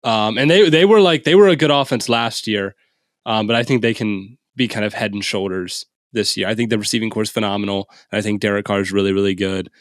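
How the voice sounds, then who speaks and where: A man's voice: lowish voice, fast, no room sound. Man, co-host, laid-back, casual swearing, dry close-miked sound. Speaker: podcast co-host. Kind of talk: casual sports chat.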